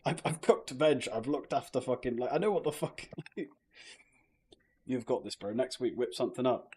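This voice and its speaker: Husky swearing British streamer man. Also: medium pitch, moderate pace, warm tone. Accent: British English. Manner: swears a lot, loose and joking, talks to chat. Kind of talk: casual live-stream chat.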